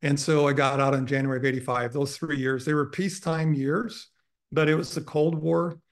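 A man's voice: fairly high pitch, fairly even intonation, normal speed. A man in his sixties giving a guest lecture, telling long self-deprecating stories with many fillers. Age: 60s. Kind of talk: anecdotal lecture storytelling. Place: university lecture room.

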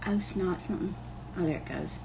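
A woman's voice: fairly low pitch, fairly quick, vocal fry, background noise. A woman hosting a live online sale, chatting in a folksy way and greeting viewers by name. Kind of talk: livestream chat. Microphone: camera on a wobbly tripod.

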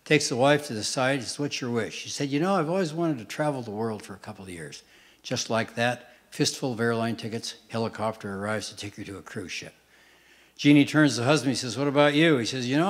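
Older man telling deadpan stand-up jokes. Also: medium pitch. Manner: deadpan one-liners with quick punchlines. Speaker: stand-up comedian. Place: stage before a live audience. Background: audience laughter.

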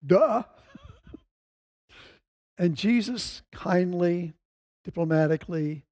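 A man's voice: sits high, a little slow, warm tone. A man preaching a Sunday sermon, reading scripture aloud and lifting his voice when he quotes the speakers. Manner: reads scripture aloud, quoting voices with rising emphasis. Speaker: pastor.

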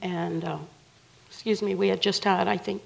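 A woman's voice: medium pitch, steady tone, moderate pace, gravelly, poor audio. A woman, a guest mother, recounting a personal story in a TV interview in a casual, vivid way.

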